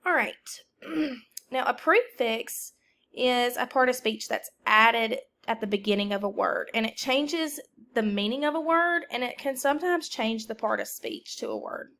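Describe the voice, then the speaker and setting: Woman schoolteacher, measured pace, calling out words for the class to repeat. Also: fairly high pitch, fairly bright tone. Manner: slow, deliberate teacher talk, calling out words for students to repeat. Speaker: teacher. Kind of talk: recorded classroom lesson for a substitute.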